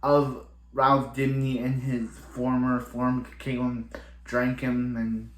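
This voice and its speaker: A man's voice: mid-range voice, monotone, takes it slowly, slight background noise. Rambling man recapping a show. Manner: rambling, repeats "so he's like" a lot. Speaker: TV show reviewer. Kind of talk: casual episode recap. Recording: echoey room.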